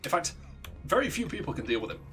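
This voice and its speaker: Give me a man casually spinning a long, profane tale on stream, with soft music playing behind him. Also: fairly high pitch, sing-song, quick pace. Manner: rambling, profane, laughs at own story. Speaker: let's play streamer. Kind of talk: casual storytelling while gaming.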